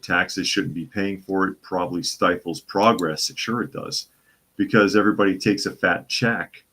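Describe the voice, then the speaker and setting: Deep-voiced man hosting a casual talk. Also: fairly bright tone, husky. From Boston area. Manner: conversational, restarts and repeats phrases. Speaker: live show host reading viewer comments.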